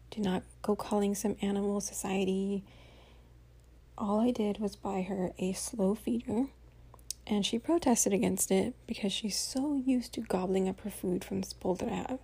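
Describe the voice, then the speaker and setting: Tired, chatty woman with a mellow, husky voice. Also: medium pitch, steady tone, unhurried. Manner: chatty, venting, many "like" fillers, swears. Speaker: podcast host. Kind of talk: casual spoken diary. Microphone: home voice recording.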